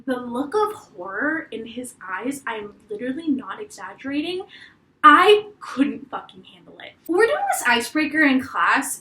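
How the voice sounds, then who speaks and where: A young woman tells a crude storytime vlog into a webcam, with a high, bright voice that swoops widely. She swears freely and acts out the quotes. The room sounds echoey. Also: slight background noise. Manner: animated, profane storytelling with acted-out quotes. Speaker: vlogger.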